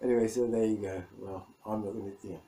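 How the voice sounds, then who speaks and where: A man's voice: on the low side, fairly even intonation, fast talker, dark tone, low-quality recording. A middle-aged man from England, rambling and self-mocking in a casual video diary, laughing often. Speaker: vlogger.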